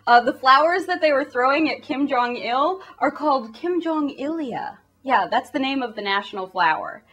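A woman's voice: sits high, animated, moderate pace, a bit bright, dull audio. A young woman hosting a comedic news recap in a goofy, sarcastic way. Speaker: news host.

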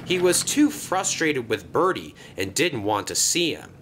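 A man reads a children's railway story aloud. His mid-pitched voice rises and falls in a lively way, and there is a faint rumbling noise behind him. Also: measured pace. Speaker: narrator. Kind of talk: storybook narration.

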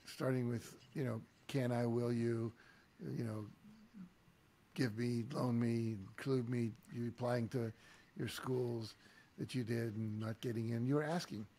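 Give me a man hosting an interview, slightly raspy, thoughtful and anecdotal. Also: mid-range voice, flat delivery, unhurried, dark tone. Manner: reflective storyteller, peppers speech with "you know". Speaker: podcast host. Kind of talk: conversational interview.

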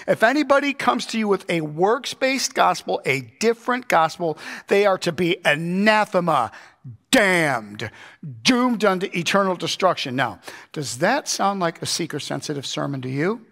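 Male pastor, fairly high voice, emphatic conversational sermon delivery, keeps checking in with the room. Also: sing-song, moderate pace, vocal fry, a bit bright. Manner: emphatic, conversational, asks the congregation rhetorical questions. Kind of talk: verse-by-verse Bible teaching sermon. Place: church.

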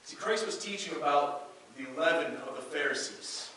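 A pastor preaching a sermon, reading scripture aloud and earnestly repeating key phrases. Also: male voice, a little high, expressive, moderate pace, pushed and bright, slight background noise. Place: church sanctuary. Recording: very echoey church hall, mic far off.

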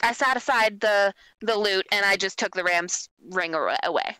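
A woman playing a tabletop game, bargaining in character with slow deliberate offers. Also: medium pitch, sharp tone, clean tone, no room sound, rough recording. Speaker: player.

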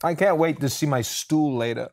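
A man's voice: a little high, moderate pace, darkish tone, no echo. A man co-hosting a casual gaming chat, jokey and rambling as he clowns around. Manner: jokey, rambling, playfully silly. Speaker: co-host.

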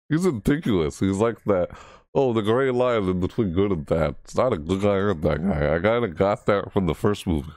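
A man hosting a reaction video, rambling casually with frequent restarts and excited asides, his voice cracking. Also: low voice, brisk, no echo, clean studio sound.

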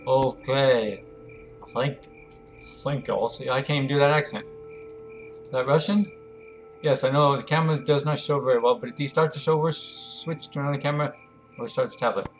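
A man's voice: medium pitch, moderate pace, pauses often, soft background music. A man giving chatty, jumpy, self-mocking commentary while he plays a horror game. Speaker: gameplay video host. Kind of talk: let's play commentary.

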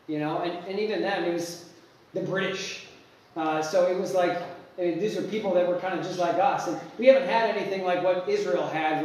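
A man preaching a sermon as pastor, animated, acting out quotes and restarting his sentences often. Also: high voice. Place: church sanctuary. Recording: echoey church hall, mic far off.

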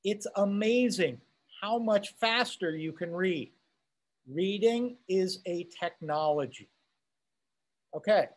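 A man's voice: sits high, animated, slow. A man teaching a class, reading a text aloud and commenting on it in a conversational way, asking rhetorical questions and checking in with his listeners.

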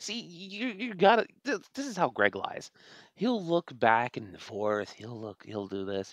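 A man's voice: medium pitch, sing-song, measured pace, a bit bright, no echo. A man hosting a reaction commentary, exasperated and sarcastic, swearing often at the clip he is watching. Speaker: commentary channel host.

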